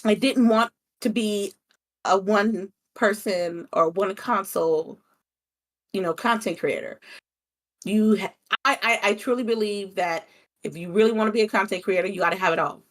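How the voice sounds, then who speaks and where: Brief: young woman guest, lively storyteller, casual and candid. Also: mid-range voice, moderate pace. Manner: animated storytelling, swears casually. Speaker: content creator guest. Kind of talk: casual interview chat.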